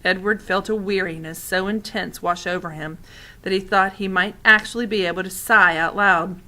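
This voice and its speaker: A woman's voice: mid-range voice, bright, forceful tone. A woman reading a children's novel aloud expressively, adding asides to the listener. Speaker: audiobook reader.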